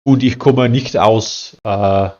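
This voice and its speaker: A young man talks casually through a live coding stream, voice sitting a little low. He thinks out loud, trails off mid-sentence and fills the gaps with "um" and "uh" as he reads the chat. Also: steady tone, takes it slowly, muffled recording. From South Africa. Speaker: live-streaming software developer.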